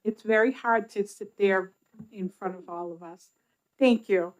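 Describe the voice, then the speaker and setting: A woman's voice: medium pitch, a little slow, rough recording. A woman runs a committee hearing and calls witnesses forward. She keeps things light, friendly and informal, with small jokes. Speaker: committee chair. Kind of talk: chairing a hearing.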